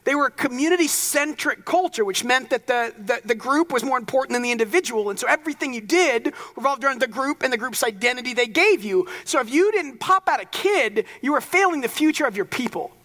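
A man's voice: very high voice, expressive, brisk, few pauses, bright, forceful tone, in a large hall. A young man preaching a sermon as pastor, casual and conversational, with joking asides.

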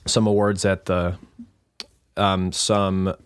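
A man's voice: sits low, level tone, takes it slowly, smooth, no room sound. This young man co-hosts a podcast in loose, casual chat. He rambles with plenty of ums and hesitations. The sound is dry and close, with no room behind it. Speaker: podcast co-host.

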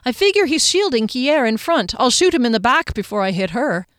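A young male elf, tearful and guilt-ridden, his voice pitched high and pleading, as a woman reader plays him. His words spill out in distress in this storybook reading. The sound is dry and close. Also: big pitch swings, brisk, clean tone, dry recording. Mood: shy.

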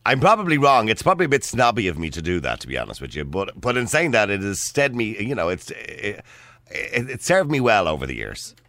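A man's voice: lowish voice, big pitch swings, a little fast, sharp tone. An Irish man hosting a radio phone-in, joking and laughing with callers. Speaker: radio host.

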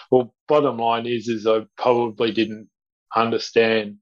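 A man telling a story as a podcast guest, halting with many restarts. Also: on the low side, lo-fi sound. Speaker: guest speaker.

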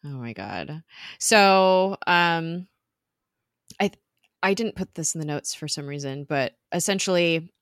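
Podcast co-host, woman, low voice, casual recap, laughs easily. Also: expressive, measured pace, no room sound, studio quality. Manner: chatty, laughs often, recounts scenes with quoted voices.

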